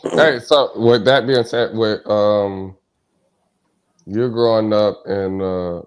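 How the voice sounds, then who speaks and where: A man hosting a podcast interview, asking questions in a relaxed, conversational way. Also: lowish voice, slow, clean tone. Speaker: podcast host.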